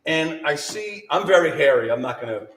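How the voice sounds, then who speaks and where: A man's voice: on the high side, animated, fairly quick, fairly bright tone, far from the mic. A middle-aged man animatedly telling a ghost story to a small live audience, laughing and acting out the voices. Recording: roomy sound from off-mic.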